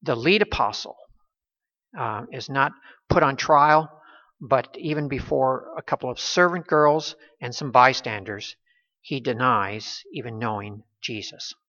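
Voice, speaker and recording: A man preaching an expository Bible sermon, earnest and emphatic, with frequent filler pauses. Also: medium pitch, bright, forceful tone, highs cut off.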